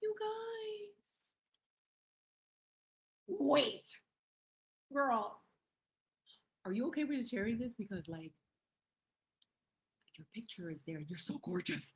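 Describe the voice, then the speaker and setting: A woman's voice: mid-range voice, expressive, measured pace, long pauses. A young adult woman hosting a casual livestream, reading viewer comments in a playful, effusive way, laughing often and dropping in Spanish phrases. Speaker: livestream host.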